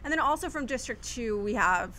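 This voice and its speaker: A woman co-hosting a casual movie chat, talking in a chatty, excitable way. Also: fairly high pitch, a little fast, a little hiss or hum. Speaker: co-host.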